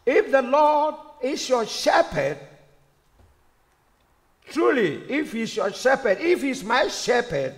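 High-voiced, slow preacher in a reverberant church. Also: male voice, very animated. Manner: repetitive, with rhetorical questions. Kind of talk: sermon. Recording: long reverb of a church hall.

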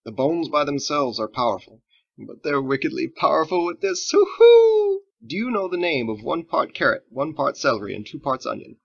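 A man's voice: huge pitch swings, normal speed, vocal fry, heavily acted. A man voicing a theatrical male cook who chants dramatically, in a dull lo-fi recording. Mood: gleeful. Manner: booming, chanting, exaggerated.

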